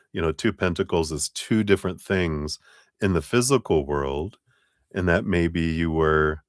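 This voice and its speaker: A man's voice: low voice, no echo, clean studio sound. A man giving a live tarot reading, chatty and laughing often, acting out little quotes as he goes. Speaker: tarot reader.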